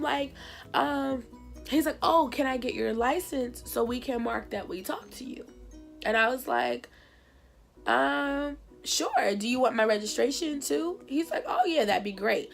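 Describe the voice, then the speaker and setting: A woman's voice: fairly high pitch, normal speed, creaky, soft background music. A young woman from New Jersey telling a casual storytime to her viewers, acting out the other people in her own voice. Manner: animated, acts out dialogue in voices. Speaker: vlogger.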